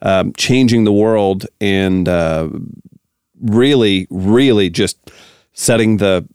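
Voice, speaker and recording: A man's voice: on the low side, slow, a little mellow, clean tone, dry recording. A man hosting a comedy talk radio show, teasing his co-host in dry banter.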